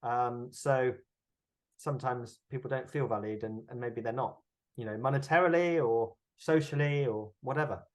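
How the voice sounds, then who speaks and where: A man's voice: medium pitch, normal speed. A man with a Bristol accent talks through an interview in a middle-range voice. He reflects aloud and stumbles over repeated words as he gathers his thoughts. He sounds like an actor chatting about his work. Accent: West Country English, Bristol. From England. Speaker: actor and producer, interview guest. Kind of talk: conversational interview.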